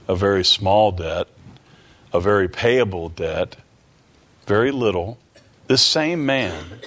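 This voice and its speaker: A man preaching a sermon in a voice of middling pitch. He retells a scripture story, acting out pleading lines and putting rhetorical questions to his listeners. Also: fairly bright tone.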